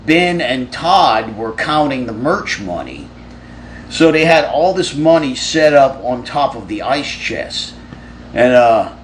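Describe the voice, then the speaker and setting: Male streamer, casual profane storyteller, middle pitch, light background noise. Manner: rambling, profane, with frequent restarts. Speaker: musician answering fan questions on a live stream.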